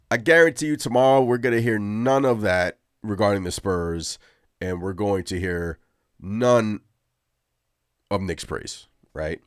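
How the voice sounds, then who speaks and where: An excitable male host of a live postgame show. His fairly low voice leaps up and down in pitch as he rants to his audience. The recording is close and dry, with no room sound. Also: moderate pace, no echo. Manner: animated, ranting, excitable. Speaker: sports podcast host.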